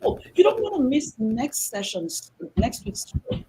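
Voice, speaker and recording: High-voiced animated woman host. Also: unhurried, rough recording. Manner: animated and exhortative, acting out quoted voices. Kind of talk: talk show hosting.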